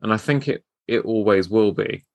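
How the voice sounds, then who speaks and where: A man who hosts a business podcast and works as a tailor, telling stories in a relaxed way. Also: on the low side, moderate pace, creaky, dry recording. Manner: relaxed storyteller. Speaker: host, tailor. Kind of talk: casual interview chat.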